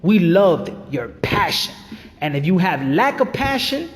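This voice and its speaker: A man's voice: high-pitched, very animated, a little slow. A man rants about boxing, hammering the same points over and over. He sounds fired up and emphatic. His voice rings with a long reverb. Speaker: boxing channel host. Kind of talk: ranting commentary.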